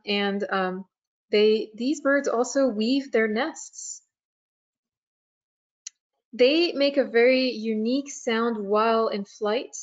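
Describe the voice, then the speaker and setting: A woman on the staff of a nature preserve giving a webinar presentation, talking slowly with frequent fillers and pauses. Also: fairly high pitch, dull audio. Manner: slow, hesitant, many fillers.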